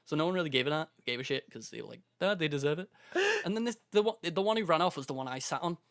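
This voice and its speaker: A young man co-hosts a casual podcast and tells a story, acting out what people said and laughing often. His voice is bright and forceful. It sits fairly high for a man. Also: quick pace. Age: young adult. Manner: animated storyteller who acts out quotes and laughs often. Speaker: podcast co-host. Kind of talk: casual chat, telling a story.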